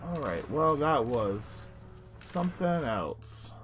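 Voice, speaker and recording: A man's voice: a little high, very animated, slow pace, fairly bright tone, faint music behind. Chatty young man commenting on gameplay. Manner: chatty, reacts aloud, reads game text. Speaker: gaming video host.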